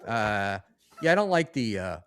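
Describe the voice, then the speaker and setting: A man's voice: fairly low pitch, very animated, moderate pace, fairly bright tone, clean tone, no echo. A man hosting a live-streamed talk show, chatting casually, reading out donations and calling himself a control freak. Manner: bossy, reads out donations. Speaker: podcast host.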